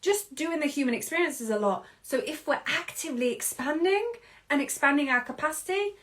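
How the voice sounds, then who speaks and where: British woman in her 30s doing a personal podcast monologue, animated, kinda high voice. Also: a little fast. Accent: British English. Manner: expressive, acts out quoted voices, laughs often. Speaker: podcast host.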